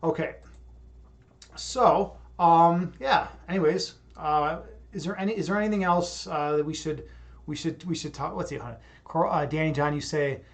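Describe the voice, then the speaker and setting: Young male streamer, slightly high voice, hyped up, rambling casual chat with viewers. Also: normal speed, gravelly. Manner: rambling, repeats words, laughs at himself. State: hyped up after yoga. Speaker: livestream host. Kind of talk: casual livestream chat reading viewer comments.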